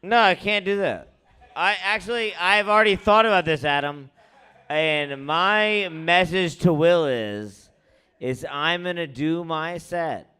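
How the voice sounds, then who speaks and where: A man hosting an open mic, doing rambling stand-up with quick asides. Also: on the high side, pushed and bright, clean tone. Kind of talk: stand-up comedy.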